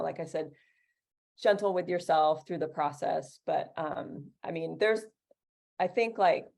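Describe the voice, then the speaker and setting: A woman's voice: low voice, creaky, darkish tone. A woman who teaches Italian, answering interview questions in a chatty way with many fillers and restarts.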